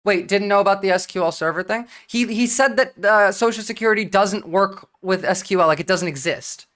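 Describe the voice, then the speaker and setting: Lady streaming, blunt and sweary, rattling off opinions, middle pitch. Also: fairly bright tone. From New Jersey. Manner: blunt, profane, talks fast in bursts with restarts. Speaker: livestream political commentator. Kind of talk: casual livestream commentary.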